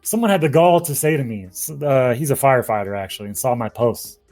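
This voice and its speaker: A man's voice: mid-range voice, a little fast, darkish tone, faint music behind. A man speaking as an activist guest in a casual interview, heated, profane and passionate, admitting he gets emotional.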